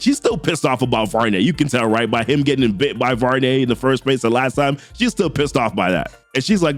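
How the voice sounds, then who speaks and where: A man casually recapping a comic book, paraphrasing characters' lines with animated asides. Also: mid-range voice, a little fast, hardly any pauses, dry recording, soft background music.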